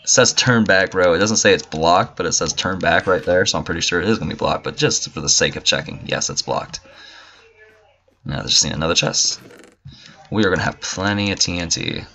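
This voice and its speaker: Male gamer, very low voice with a bright edge, swears and jokes casually, slightly muffled recording. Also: a little fast, gravelly, a little hiss or hum. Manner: profane, joking, talks to game characters. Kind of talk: casual let's play commentary.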